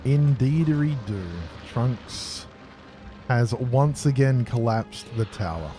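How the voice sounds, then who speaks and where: A man's voice: medium pitch, takes it slowly, dark tone, soft background music. A man streaming a factory-building game, chatting and joking casually with his viewers. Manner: jokey, chatty, responds to chat aloud. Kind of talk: casual live-stream chat.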